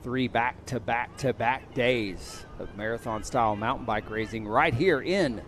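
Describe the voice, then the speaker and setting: A man's voice: medium pitch, a little hiss or hum. A man announcing a live mountain bike race, calling results and rider call-ups over the PA. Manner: lively, rapid event announcing. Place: outdoors at a bike race venue.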